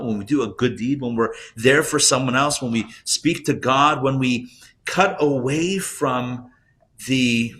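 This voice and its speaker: A man, a rabbi, teaching a live class and telling jokes, talking in a conversational way, asking the audience questions and getting loud and animated when he makes a point. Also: mid-range voice. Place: classroom or synagogue hall, recorded live.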